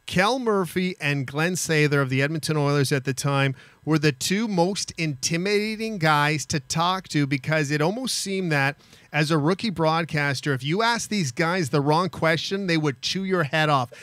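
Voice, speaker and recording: A man's voice: on the high side, normal speed, fairly bright tone, no room sound. A man, a broadcaster co-hosting a studio show, asking friendly, chatty questions. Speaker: co-host, broadcaster. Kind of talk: casual interview talk.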